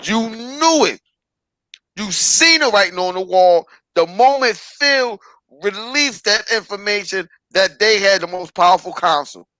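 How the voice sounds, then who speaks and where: Man, podcast host, profane preachy rant, bright ringing voice, dry close sound. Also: sits high, lively intonation, unhurried, no echo, low-quality recording. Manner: profane, preachy, repeats "stop it". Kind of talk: ranting podcast commentary.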